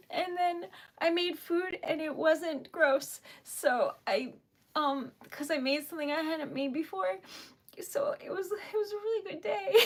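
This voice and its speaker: A woman with an extremely high pitch chats casually while streaming live. She's flustered and giggly, laughing through tears and often trailing off mid-sentence.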